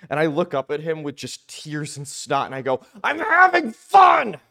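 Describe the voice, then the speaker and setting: A young man chatting on a podcast, telling self-mocking stories in an animated way. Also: a little high, brisk. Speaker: comedian guest. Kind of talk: casual podcast chat. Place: podcast studio room.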